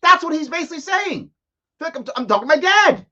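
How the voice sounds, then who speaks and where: A man hosts a live commentary show, reacting to a press conference with mocking sarcasm. His pitch swings widely as he talks. The audio sounds dull and lo-fi. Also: sing-song, quick pace, pushed and bright. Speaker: host.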